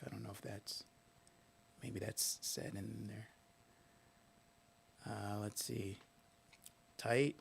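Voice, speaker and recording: A man's voice: fairly low pitch, fairly even intonation, measured pace, creaky, pauses often, a little hiss or hum. A man hosting a casual live stream, thinking aloud and muttering words to himself as he works through a list.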